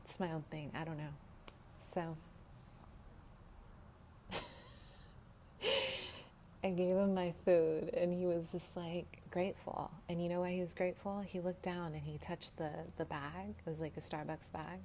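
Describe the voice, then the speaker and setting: A woman's voice: fairly low pitch, steady tone, normal speed, mellow. A woman telling a rambling personal story to her viewers, laughing often and dropping into whispers. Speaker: vlogger. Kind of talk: casual storytelling to camera. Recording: faint background noise.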